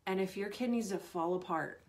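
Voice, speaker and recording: A woman's voice: medium pitch, normal speed. A woman performance coach in her thirties giving earnest advice to sports parents, often acting out what a parent might say. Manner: earnest, animated, acts out parent lines. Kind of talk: Q&A advice talk.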